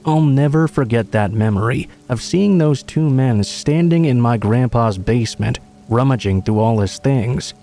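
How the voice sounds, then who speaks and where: A man narrating a true horror story in a calm, measured storytelling read. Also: medium pitch, soft background music. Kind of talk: scripted narration.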